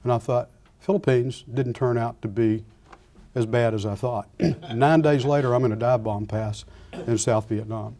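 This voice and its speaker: An older man, a retired Air Force pilot, giving a lecture full of anecdotes and acting out the dialogue with lively restarts. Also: medium pitch, normal speed. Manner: animated storyteller acting out dialogue, frequent restarts.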